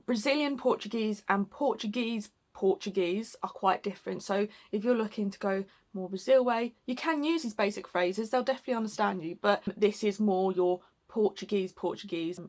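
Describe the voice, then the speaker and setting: A woman from the UK co-hosting a casual Portuguese lesson, chatting loosely with lots of likes and ums. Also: mid-range voice. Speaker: co-host teaching Portuguese phrases.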